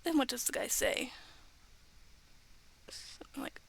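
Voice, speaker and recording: A young woman streaming from her bedroom, chatting in a rambling, giggly way that often drops to a whisper. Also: a little slow. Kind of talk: casual chat on a livestream.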